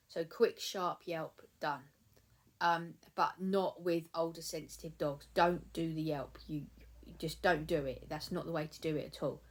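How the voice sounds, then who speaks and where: A woman giving calm, chatty dog-training advice in a vlog, often repeating herself for emphasis. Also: lowish voice. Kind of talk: casual instructional vlog.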